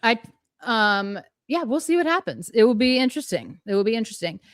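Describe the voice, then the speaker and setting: A woman's voice: on the high side, very animated, brisk, no room sound, studio quality. A woman co-hosting a live fan stream, gushing and chatty, laughing often between points. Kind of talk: casual live-stream chat.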